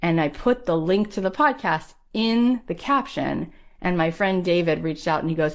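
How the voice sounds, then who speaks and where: A woman hosting her own podcast, talking earnestly and emphatically in a motivational monologue, telling quick stories. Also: sits low, gravelly. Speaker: podcast host.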